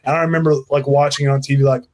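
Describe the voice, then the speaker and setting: A man's voice: medium pitch, racing. A young man from the United States co-hosting a casual chat, telling stories in a loose, rambling way. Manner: relaxed, rambling storyteller. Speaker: co-host.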